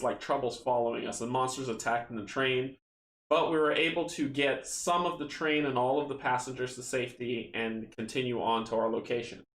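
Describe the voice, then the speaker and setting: A chatty male host playing a card game solo, recapping and reading story text in a relaxed, easygoing way. His voice sits at an ordinary pitch, and the room has a noticeable echo with faint noise underneath. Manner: chatty, relaxed, with many fillers. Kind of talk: casual tabletop game play-through and story reading.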